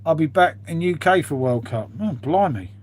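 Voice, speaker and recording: Live streamer, man, husky and a bit high, casual sweary chat. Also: expressive, normal speed. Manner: chatty, swears freely, says "mate" constantly.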